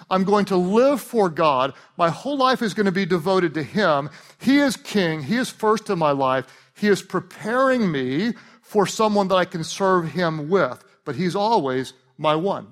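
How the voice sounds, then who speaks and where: A male pastor giving a lively, joking sermon to his church congregation. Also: sits high. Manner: animated, joking preacher.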